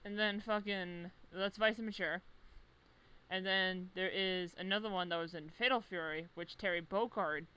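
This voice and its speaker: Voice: medium pitch, fairly even intonation, normal speed, pushed and bright, smooth, poor audio. A young adult creator giving a rambling, profanity-heavy comic recap of a game series from memory, often losing the thread. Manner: profane, rambling, self-interrupting. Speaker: video creator.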